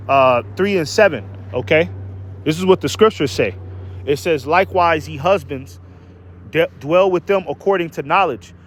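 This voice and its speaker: Male online preacher, slightly high pitch, emphatic and repetitive, stumbles on words while reading verses. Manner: emphatic, keeps asking "okay?" and "man". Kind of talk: preaching rant with scripture reading.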